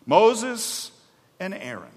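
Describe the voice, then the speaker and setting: A man preaching a sermon, reading scripture and acting out the people's complaints with animated, mock-exasperated energy. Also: sits high, drawn-out words, long reverb tail. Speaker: pastor.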